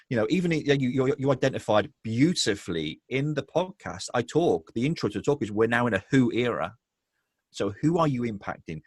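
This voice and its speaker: A man speaking as a business guest in a conversational interview, animated and acting out the people he quotes. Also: medium pitch, husky, no room sound, studio quality. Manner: animated storyteller, acts out quoted voices.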